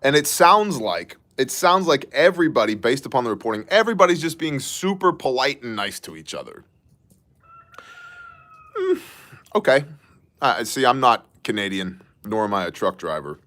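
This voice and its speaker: A man hosting a casual news commentary show, sarcastic and joking with quick asides. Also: medium pitch, big pitch swings, fairly bright tone. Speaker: host of a news brief show.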